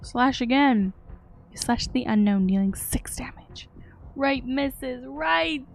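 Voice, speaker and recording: A woman's voice: high voice, creaky. A young woman playing a horror game, reading its text aloud and reacting with yelps and laughter. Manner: reads game text slowly, then yelps and giggles in reaction. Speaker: let's-play streamer.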